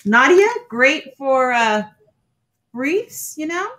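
A woman guest telling stories on a video call, expressive and quick to laugh. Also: sits high. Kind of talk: live-stream chat.

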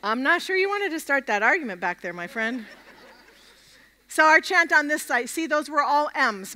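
Bright-voiced woman preaching in a hall. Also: high-pitched, moderate pace. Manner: energetic, leads the crowd in chants. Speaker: guest preacher. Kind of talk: interactive sermon at a camp meeting. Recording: long hall reverb.

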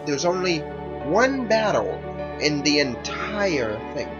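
A man hosts a let's play, giving casual, rambling commentary and correcting himself as he explains the game. His voice is on the high side, slow and sing-song. The recording is lo-fi, with game music playing behind him.

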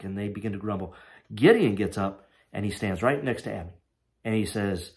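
A man's voice: lowish voice, normal speed, pauses often. A man preaching a sermon as pastor, conversational and storytelling, with frequent asides and restarts.

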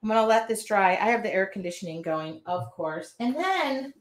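A middle-aged woman leads a live craft demo from her home studio, chatting and joking at her own expense while she paints. Her voice sits at an ordinary pitch and the room around her is echoey. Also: expressive, normal speed. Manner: chatty, self-deprecating, talks to viewers while working. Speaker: art instructor.

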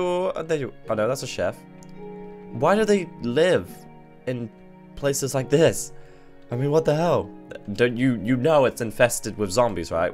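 A man talks through a game in loose, swearing commentary. His pitch moves a lot. Faint music plays behind him. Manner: chatty, swears, thinks aloud. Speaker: gaming video host. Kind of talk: let's play commentary.

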